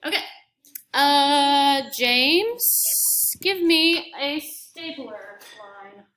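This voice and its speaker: A woman's voice: sits high, very animated, very slow, bright, forceful tone, roomy sound. A woman choir teacher leading a classroom demonstration, upbeat and counting rhythms aloud in syllables. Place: school classroom.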